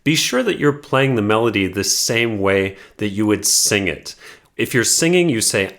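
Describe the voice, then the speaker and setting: A man teaching a piano lesson, explaining patiently and sometimes singing a melody line softly and slowly. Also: on the low side, lively intonation. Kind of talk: piano tutorial.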